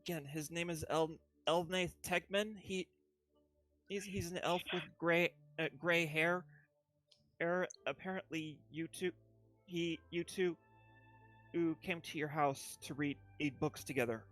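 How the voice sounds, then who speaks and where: A man playing a tabletop game, speaking in character in a hesitant, halting way. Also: on the high side, steady tone, a bit bright, soft background music. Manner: hesitant, halting, restarts often. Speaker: player. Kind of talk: casual in-character play.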